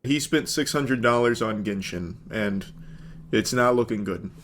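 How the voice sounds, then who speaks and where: A man's voice: mid-range voice, measured pace, a bit bright, slight background noise. A man narrating a story for a video with sarcastic, dry commentary.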